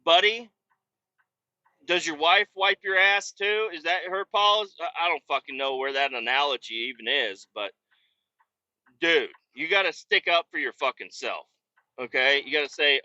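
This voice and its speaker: A man hosting a podcast, ranting heatedly with constant swearing and bursts of yelling, recorded in the cab of a semi truck while driving. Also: on the high side, lively intonation, moderate pace. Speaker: podcast host. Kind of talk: profane ranting monologue. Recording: dull lo-fi recording.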